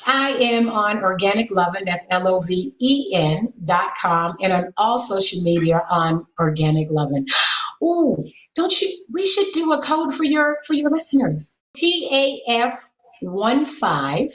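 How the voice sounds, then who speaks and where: A middle-aged woman speaking as a podcast guest and sex educator, frank and animated, coaching listeners with a string of rhetorical questions. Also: medium pitch, measured pace, roomy sound, rough recording. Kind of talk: podcast conversation.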